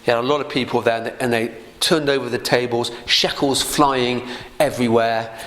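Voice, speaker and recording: A man's voice: mid-range voice, fairly even intonation, moderate pace, fairly bright tone. A man giving a casual Bible teaching in a conversational way, often laughing lightly and asking rhetorical questions.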